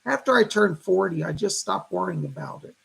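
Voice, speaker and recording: A man in his fifties hosting a casual psychic livestream, chatting warmly with viewers and greeting them by name. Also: high voice, huge pitch swings, brisk, creaky, slightly rough. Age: 50s.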